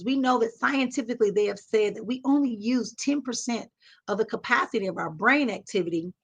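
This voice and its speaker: A woman leads a motivational talk. She speaks emphatically, repeating key phrases in a teaching rhythm, at a middle pitch. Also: bright, forceful tone. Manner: emphatic, repetitive teaching cadence. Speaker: host.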